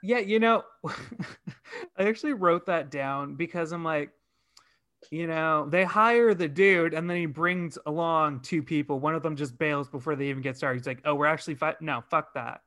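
A man chatting casually about a film, animated, swearing and acting out his own reactions. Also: a little high, moderate pace.

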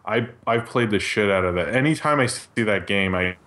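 A man's voice: lowish voice, expressive, moderate pace, sharp tone. A man co-hosting a podcast, chatting casually in a rambling, joking way that keeps interrupting itself. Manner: rambling, jokey, self-interrupting. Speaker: podcast co-host. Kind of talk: casual chat.

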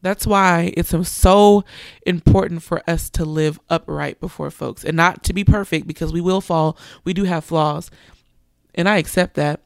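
A woman's voice: on the low side, steady tone, moderate pace, creaky, no echo, studio quality. A young woman preacher, giving an earnest sermon testimony and animatedly quoting others.

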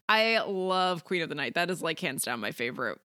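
A woman's voice: on the low side, a little fast, no echo, studio quality. A woman co-hosting a podcast in casual chat, talking loosely with many fillers. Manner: chatty, many likes and fillers, steady listener. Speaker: podcast co-host.

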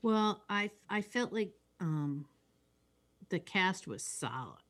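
A woman co-hosting a casual film chat, agreeable and unhurried, often trailing off mid-thought. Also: mid-range voice, lively intonation, fairly bright tone. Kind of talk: casual chat about films.

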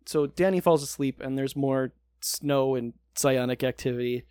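A man's voice: medium pitch, normal speed, darkish tone, clean tone, no echo. A man co-hosting a podcast, recapping a TV show in casual, sarcastic chat and swearing freely.

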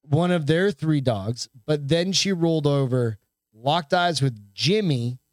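A man's voice: a little high, animated, a little slow, no echo, studio quality. Profane, rambling man co-hosting a podcast. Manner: profane, rambling, reads news aloud with stumbles. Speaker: podcast co-host. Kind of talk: casual chat.

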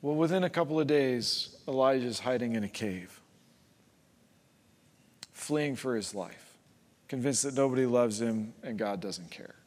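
A man preaching a sermon as pastor, emphatic and repeating phrases for rhythm, building to loud climaxes. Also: medium pitch, a little slow, long pauses. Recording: long hall reverb.

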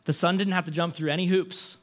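A man preaching a conversational sermon as pastor, telling the story in an animated way with rhetorical questions and a frequent casual "like". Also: high-pitched, fairly quick.

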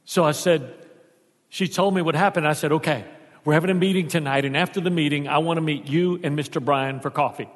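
Texas pastor man telling a story in church, acts out the voices, kinda high voice, big echoey hall. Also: brisk. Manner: animated storyteller acting out dialogue. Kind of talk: storytelling sermon. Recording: long church hall reverb.

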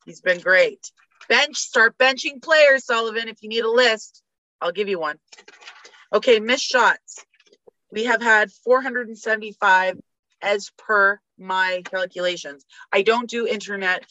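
A woman rants about sports and rattles off statistics in a bright, forceful voice. The recording is dry and slightly dull. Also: medium pitch, measured pace, no room sound. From Canada. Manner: fired-up ranting, rattling off stats. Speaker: podcast guest. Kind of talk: casual sports chat.

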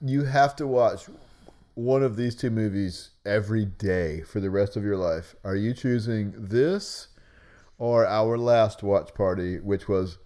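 Co-host, male, low mellow voice, crude sarcastic banter, lively inflection. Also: measured pace. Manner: crude, sarcastic, laughs often. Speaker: podcast co-host. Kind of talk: casual movie-watching banter.

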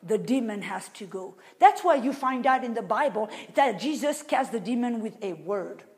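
A woman preacher delivering a sermon, asking the audience rhetorical questions and swinging between loud and very soft. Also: fairly high pitch, lively intonation, normal speed.

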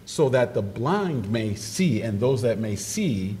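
A man preaching a sermon, animated storytelling that jumps into excited quoted voices. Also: mid-range voice, slow. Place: church sanctuary. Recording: distant microphone in a reverberant church hall with noise.

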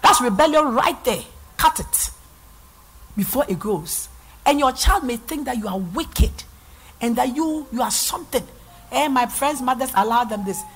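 Ghanaian woman pastor, middle-aged, animated sermon delivery, pitch leaps all over. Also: moderate pace, breathy edge, faint music behind. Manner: animated preaching, swinging from loud to soft. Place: church.

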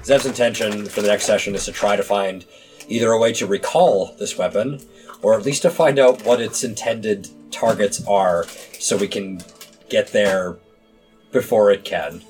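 A man chatting casually as a player in a tabletop game, animated and often restarting his sentences. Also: lowish voice, moderate pace, soft background music.

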